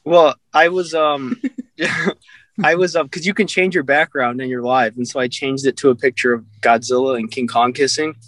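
A man's voice: mid-range voice, steady tone, normal speed, fairly bright tone, no echo. A young man chatting casually on a podcast, telling rambling stories and laughing at himself. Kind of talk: casual chat.

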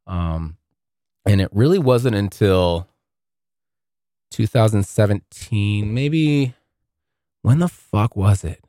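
A podcast host with a fairly low, slightly mellow voice rambles through a casual monologue peppered with profanity. The sound is clean, dry, and studio-quality.

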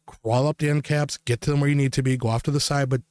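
A man on a podcast rants his way through a story, full of swearing and loose fillers like "like" and "you know." His voice sits at an ordinary pitch for a man. The close mic is dry, with almost no room sound. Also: steady tone, fast talker, a little mellow, smooth, no room sound. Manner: profane, emphatic, rambling with many fillers. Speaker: podcast co-host. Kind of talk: ranting anecdote to co-hosts.

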